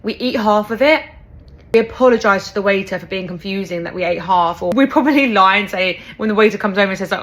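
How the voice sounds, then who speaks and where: A British woman chatting to camera in a casual monologue. She compares habits with amused exasperation, chatty and quick to tease. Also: medium pitch. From United Kingdom.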